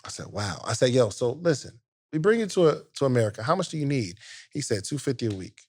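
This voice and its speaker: A man's voice: mid-range voice, fast talker, no room sound, clean studio sound. A man co-hosting a podcast, casually retelling a story with lots of quoted back-and-forth and street slang. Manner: animated retelling with quoted dialogue, slang-heavy. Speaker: podcast co-host.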